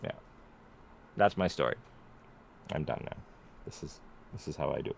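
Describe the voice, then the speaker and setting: Deep-voiced man, animated storyteller. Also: normal speed, creaky, a little hiss or hum. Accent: faint New England, mostly neutral. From New England. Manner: animated storyteller, acts out quotes. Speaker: host. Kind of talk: casual livestream Q&A chat.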